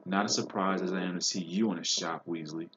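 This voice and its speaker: A man's voice: low voice, fairly even intonation, fairly quick, muffled recording, noisy background, lightly acted. A man reading aloud and voicing a spoiled schoolboy wizard who taunts in a drawl. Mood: taunting.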